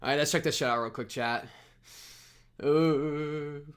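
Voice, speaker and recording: A man's voice: on the high side, measured pace, fairly bright tone, clear, resonant tone. A young man on a live stream, chatting casually with viewers, laughing at himself and reacting to what they send in. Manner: giggly, self-mocking, talks straight to chat.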